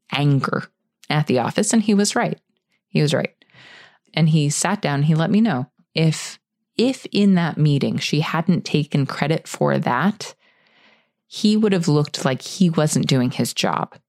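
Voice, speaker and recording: A woman's voice: low-pitched, creaky, a little mellow, dry recording, clean studio sound. A middle-aged woman hosting a career advice show, telling a story from her own work in a candid, conversational way. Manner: candid, conversational, self-correcting. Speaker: podcast host.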